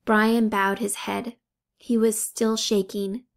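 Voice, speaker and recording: A woman reading a children's novel aloud in a calm, measured way. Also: medium pitch, creaky. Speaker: audiobook reader. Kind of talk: storybook narration.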